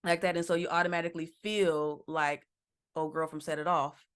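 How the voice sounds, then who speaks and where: A woman hosting a casual podcast, backing up her husband with soft affirmations and then explaining her views with feeling. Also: low-pitched, little pitch movement, normal speed, clean tone. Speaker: podcast host, wife.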